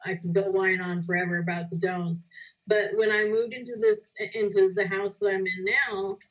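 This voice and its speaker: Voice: mid-range voice, steady tone, normal speed, lo-fi sound. A host in casual conversation, talking earnestly and asking open questions.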